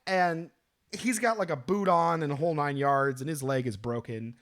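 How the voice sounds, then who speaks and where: A man in his twenties casually telling a story, animated and profane, rambling with lots of fillers. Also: a little high, normal speed.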